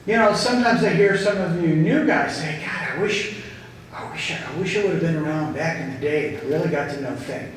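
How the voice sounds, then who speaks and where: A man giving an earnest inspirational talk to a gathered group, telling stories slowly and with emphasis. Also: a little high, slight background noise. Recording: echoey hall, distant mic.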